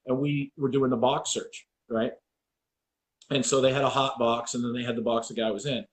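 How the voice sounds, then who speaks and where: A man's voice: medium pitch, normal speed, slight background noise. A man with an American accent, hosting an interview and telling stories animatedly, acting out what others said. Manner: animated storyteller, acts out quotes, swears. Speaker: podcast host. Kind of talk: casual interview talk.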